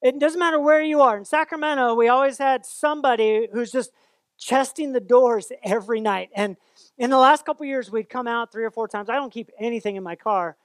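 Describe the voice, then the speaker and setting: Male pastor, high voice, relaxed conversational sermon, mimics voices for effect, dry close recording. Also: brisk, smooth, no room sound. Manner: casual, conversational preaching with playful asides; acts out quoted voices with exaggerated tones.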